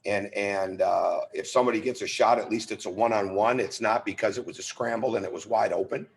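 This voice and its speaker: A man's voice: lowish voice, brisk, creaky. A middle-aged man, a head coach, answering press questions on a video call in an earnest, emphatic way, restarting phrases as he goes. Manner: earnest, emphatic, repeats words when restarting.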